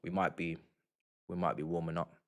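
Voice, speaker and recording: A young man hosting a live football watchalong, muttering reactions that flare into loud outraged shouting. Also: deep voice, little pitch movement, brisk. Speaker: livestream football watchalong host. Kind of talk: live match watchalong commentary.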